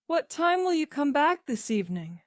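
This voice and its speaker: A woman voicing an anxious mother in a graded reader story, calling loudly up to her son and fussing over his breakfast. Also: animated, measured pace, no room sound, clean studio sound. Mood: caring. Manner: shouts high and loud up the stairs.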